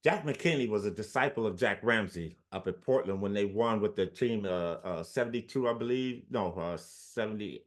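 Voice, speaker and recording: An older man in his sixties telling stories as an interview guest. He is lively and animated and acts out what others said, often speeding up or slowing down for effect. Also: lowish voice. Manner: animated storyteller, acts out quotes. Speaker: former basketball player, guest. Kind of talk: storytelling in an interview.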